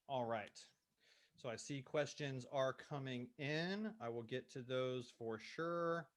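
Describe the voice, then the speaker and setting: A man's voice: mid-range voice, slow. A man coaching real estate agents in a live online session, acting out client and agent dialogue with energy.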